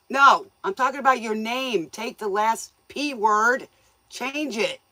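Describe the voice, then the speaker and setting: A woman's voice: a little high, expressive, slow pace, pushed and bright, no room sound. Woman, tarot stream host, folksy, joking, laughs a lot, dry close sound. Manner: scolds viewers playfully. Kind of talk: casual livestream chat with viewers.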